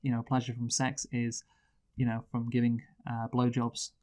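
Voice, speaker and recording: A man's voice: mid-range voice, monotone, normal speed, a little mellow. A man hosting a movie review show in casual chat. He reads out a plot summary and keeps steering the talk back to the film.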